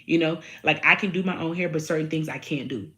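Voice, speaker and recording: A woman's voice: sits low, fast, pushed and bright. A woman talking straight to her viewers in a candid monologue, blunt and profane, hammering her points home by repeating them in slangy talk. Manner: addresses viewers directly, slangy. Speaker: vlogger.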